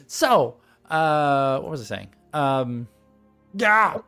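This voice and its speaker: A man's voice: fairly high pitch, bright, forceful tone, smooth, dry recording. A man narrating a tabletop game as game master on a live stream, rambling and easily distracted, laughing often.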